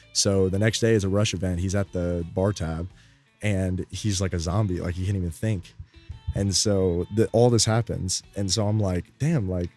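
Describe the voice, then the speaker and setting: A man's voice: low voice, a little mellow. A young man telling a story in a rambling, laid-back way, full of fillers. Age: young adult. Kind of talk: casual storytime.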